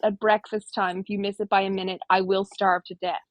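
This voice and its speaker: A woman's voice: mid-range voice, level tone, fairly quick, natural voice. A woman doing a fussy, dramatic pet cat. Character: demanding pet cat, fussing about breakfast.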